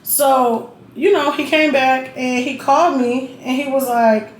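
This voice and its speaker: A young woman talks straight to camera, blunt and profane and full of asides to the viewer. Her voice sits a little high. The room adds a roomy echo over a faint hiss of noise. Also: steady tone, unhurried. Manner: blunt, profane, chatty, keeps checking in with the viewer. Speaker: vlogger. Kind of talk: casual storytelling while getting ready.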